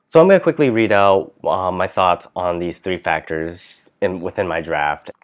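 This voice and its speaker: A man's voice: low voice, normal speed. A man hosting a casual writing vlog, chatty and thinking aloud, his voice dipping at the ends of phrases. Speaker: vlog host, writer.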